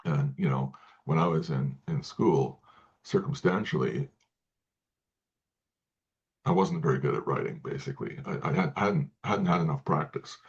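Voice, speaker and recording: A man speaking as an interview guest, talking in halting sentences with many restarts and repeated words. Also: very deep voice, muffled recording. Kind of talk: casual interview talk.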